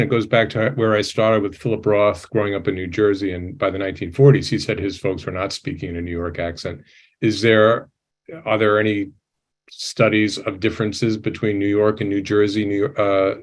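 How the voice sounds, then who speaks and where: A man's voice: lowish voice, steady tone, fairly quick. A man moderating a webinar panel over a video call, putting audience questions to the guests in an inviting way.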